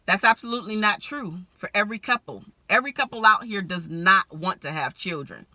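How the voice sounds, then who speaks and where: A woman with a very bright, forward voice giving relationship advice straight to camera. She talks candidly and with animation, often breaking into laughter. The sound is close and dry, with no room around it. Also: mid-range voice, animated, a little fast, dry recording. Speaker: relationship strategist. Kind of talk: direct-to-camera advice vlog.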